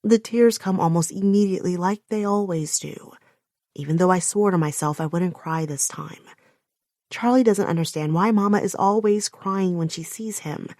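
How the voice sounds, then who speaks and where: A woman's voice: fairly low pitch, moderate pace, dry recording. Intense woman narrating an audiobook in a dry booth. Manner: intense, emotional telling with sharp outbursts. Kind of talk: first-person audiobook narration.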